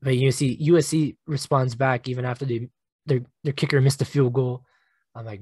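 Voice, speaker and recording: A young man hosting a solo sports podcast, animated and emotional, swearing casually and laughing at himself. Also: mid-range voice, moderate pace, slightly rough, no echo. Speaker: podcast host.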